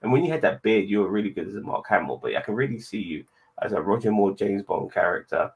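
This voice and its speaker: A man hosting a casual online chat show, blunt and quick to swear, with cheery sign-offs. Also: fairly low pitch, sing-song, creaky, rough recording. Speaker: podcast host.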